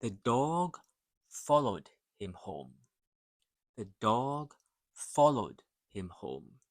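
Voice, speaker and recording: A man teaching English pronunciation, carefully modelling words and phrases, then pausing so learners can repeat after him. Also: medium pitch, sing-song, dry recording, clean studio sound. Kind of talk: slow, deliberate pronunciation drill.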